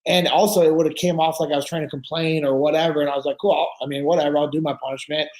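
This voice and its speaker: A man's voice: on the high side, fairly even intonation, very fast, darkish tone, rough recording. A man in his forties, a podcast guest, telling stories in casual conversation and acting out the dialogue. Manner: storytelling, acting out quoted dialogue.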